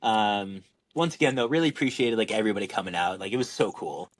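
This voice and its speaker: A young man from Washington state, co-hosting a podcast and telling a lively story, acting out quotes with lots of fillers. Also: lowish voice, fast. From Washington state, USA. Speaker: podcast co-host and pro disc golfer. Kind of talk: casual storytelling chat.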